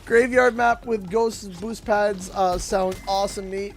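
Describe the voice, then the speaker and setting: A man from Canada hosting a gaming livestream, rambling with many fillers and restarts, getting loud and excited over donations. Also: sits high, unhurried, hardly any pauses. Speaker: livestream host.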